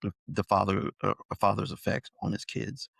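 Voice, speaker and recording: A man hosting a podcast, asking questions in a relaxed, hesitant way. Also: on the low side, moderate pace, gravelly, breathy edge, no echo, clean studio sound. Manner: relaxed, hesitant, lots of "you know". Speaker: podcast host. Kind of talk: casual interview chat.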